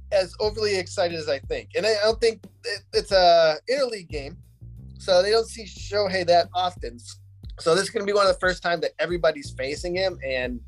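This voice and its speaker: A man co-hosting a sports betting podcast, talking through his picks in a relaxed, thinking-aloud way with fillers. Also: high voice. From Italian heritage. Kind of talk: casual chat.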